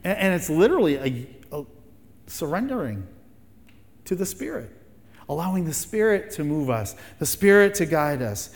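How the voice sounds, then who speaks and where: A man's voice: a little high, very animated, moderate pace. Man preaching a sermon in a hall. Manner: emphatic, with rhetorical questions and repeated phrases. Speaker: pastor.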